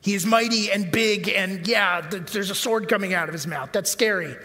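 A man preaches a sermon in a relaxed, conversational manner, dropping fillers and asking the congregation questions. His voice sits high for a man. The sound carries the long reverb of a large church hall. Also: moderate pace, soft background music. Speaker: pastor.

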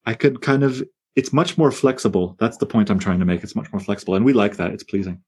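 A man with a fairly low voice leads a poetry class. He talks in a lively, digressive way and often stops himself mid-thought to add an aside. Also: fast, few pauses, slightly rough. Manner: animated, digressive, self-interrupting. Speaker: poetry teacher. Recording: on air class broadcast.

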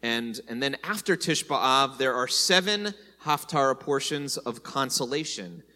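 A man's voice: mid-range voice, measured pace, big-room sound. A man teaching a sermon in a conversational way, often asking "right?" and lifting his voice on key points. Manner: animated, rising on key points. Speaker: congregation teacher.

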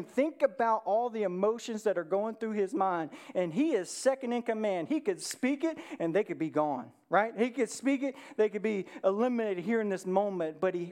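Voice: medium pitch, a little mellow. Chatty preacher retelling a Bible story. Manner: conversational storytelling with frequent "right?" asides; addresses listeners directly with questions. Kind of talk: sermon.

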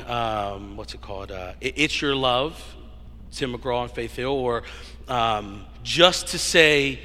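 A man's voice: mid-range voice, bright, forceful tone. A male pastor preaching a sermon, playful and teasing toward the congregation, often restarting his phrases. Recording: long hall reverb.

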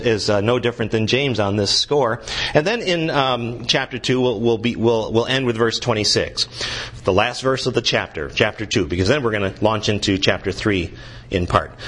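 A man preaching a sermon as a guest pastor, asking the congregation questions and building to emphatic points. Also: fairly bright tone. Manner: earnest preaching, rising in pitch and intensity when pressing a point.

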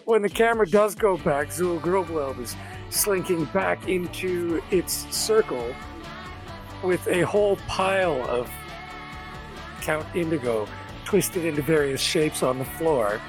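A man's voice: a little high, animated, slow, over music. A man narrating a tabletop game as game master in a casual, jokey, rambling way.

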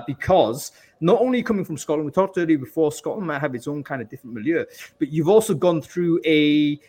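A man's voice: on the high side, darkish tone, husky. A man hosting a live panel discussion, speaking thoughtfully and hesitantly, with many fillers. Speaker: host.

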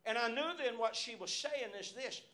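A middle-aged preacher with a very high-pitched, bright, forceful voice moves at a moderate pace through his sermon. He tells personal stories from the pulpit, punctuating his phrases with repeated amens.

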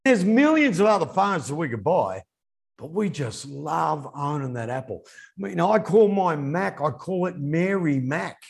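A man's voice: on the high side, moderate pace, creaky, husky. A man co-hosting a casual business chat, telling stories with animation. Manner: animated storyteller. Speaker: podcast co-host.

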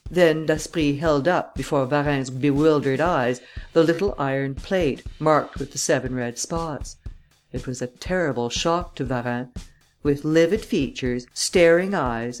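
A man narrating an audiobook in a steady, measured storytelling manner. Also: fairly high pitch, soft background music. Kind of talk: scripted narration.

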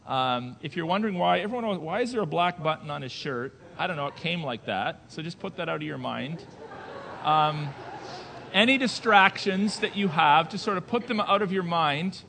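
A male pastor preaching a sermon, moving between quiet conversational asides and loud emphatic declarations, with rhetorical questions to the congregation. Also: fairly high pitch, lively intonation, normal speed, creaky, in a large hall.

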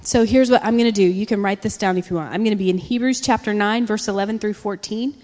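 A woman preacher giving a sermon with animated storytelling, acting out quotes. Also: medium pitch, fast. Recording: long reverb of a large hall.

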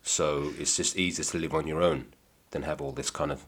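A man with an extremely deep, husky voice trades stories on a podcast. His delivery is dry and deadpan, and his jokes are played straight. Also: moderate pace. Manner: deadpan, dry comic storytelling. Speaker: comedian guest. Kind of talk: casual podcast chat.

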